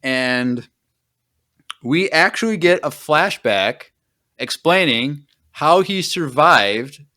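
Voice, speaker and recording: A man hosts a podcast, retelling a book in loose, rambling chat with many fillers and thoughts that trail off. His voice is a little high, pushed and bright, with lively intonation, and he takes his time.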